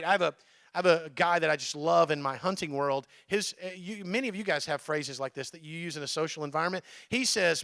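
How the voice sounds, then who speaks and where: Male pastor, dry close sound, bright tone, chatty sermon delivery. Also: high-pitched, lively intonation, fairly quick, no echo. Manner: conversational, checks in with the crowd. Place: church.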